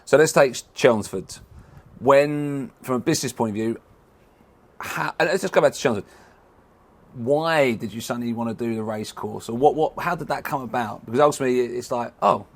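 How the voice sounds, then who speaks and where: A man hosting a podcast, asking questions in a casual interview and often putting in quick yeahs. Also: medium pitch. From England. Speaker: podcast host.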